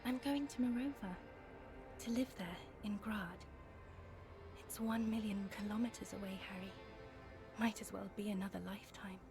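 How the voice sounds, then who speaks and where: Serene regal woman, played by a woman: soft, unhurried, stately; game score under. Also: mid-range voice, steady tone, close to an everyday voice. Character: serene regal woman, calm and distant ex-lover. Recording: game audio with music underneath.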